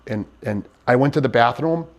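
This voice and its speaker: A man in an interview, giving personal testimony in a halting, earnest way with many restarts. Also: medium pitch. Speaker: interviewee in a docuseries.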